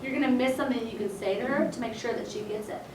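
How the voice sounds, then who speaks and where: A woman's voice: fairly high pitch, very fast, noisy background. A woman chiropractor giving a casual, chatty seminar talk to colleagues and acting out bits of dialogue. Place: meeting room. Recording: echoey room, mic at a distance.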